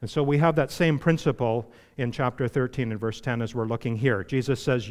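A man preaching a sermon as pastor, emphatic, asking the congregation questions and slowing down for scripture. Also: medium pitch, animated, a little mellow. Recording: long reverb of a church hall.

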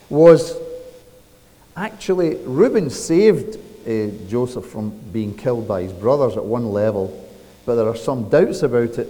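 A man's voice: mid-range voice, mellow, in a large hall, low-quality recording. A man preaching a sermon, retelling a story dramatically and asking rhetorical questions.

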